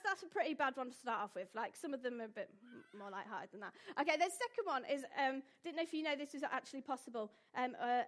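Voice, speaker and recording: Chatty high-voiced woman addressing an audience. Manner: chatty, jokey, asks the audience questions. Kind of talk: informal talk to a live audience.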